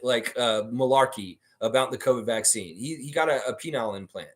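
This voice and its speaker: This man hosts a sports livestream, reading viewer comments in a casual chat with a mid-range voice at a slightly quick pace. He's blunt, curses freely and speaks about himself in the third person.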